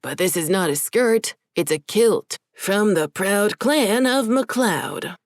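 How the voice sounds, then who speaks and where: A woman's voice: medium pitch, slow, dry recording, clean studio sound, voice pushed up. A woman doing a flamboyant old demon gargoyle. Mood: theatrical brogue. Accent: put-on Scottish brogue. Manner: theatrical, deadpan.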